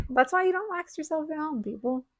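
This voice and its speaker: A woman host in casual conversation, bubbly and quick to laugh as she tells animated stories. Her voice sits a little high. The sound is dry and close, with no room around it. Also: dry recording. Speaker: podcast host, esthetician. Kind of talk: casual chat.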